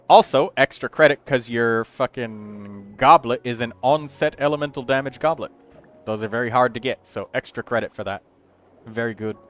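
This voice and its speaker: On a game livestream, a male host reviews viewers' characters in relaxed, chatty commentary, thinking aloud while he counts numbers. His voice is medium-pitched and a bit bright.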